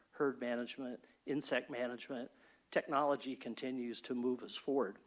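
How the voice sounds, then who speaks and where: A man who heads a state fair gives a brisk, orderly formal presentation to an advisory board. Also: mid-range voice. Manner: brisk, orderly, speech-like delivery. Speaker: state fair chief executive. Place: state board meeting room.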